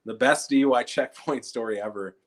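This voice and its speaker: A young man from Minnesota doing an online stand-up set from home, loose storytelling that jumps into quoted voices. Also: fairly quick. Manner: loose storytelling, acts out quoted people in jumpy high voices. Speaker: stand-up comedian.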